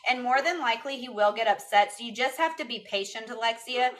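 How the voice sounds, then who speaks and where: She speaks briskly, a little high and fairly bright, as she casually responds to viewers' comments during a livestream. The audio comes from her phone camera.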